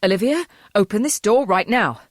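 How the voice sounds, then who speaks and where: A woman voicing a frantic, menacing middle-aged father who shouts through a door. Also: medium pitch, lively intonation, moderate pace, no echo, studio quality, voice pushed up, lightly acted. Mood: shouting.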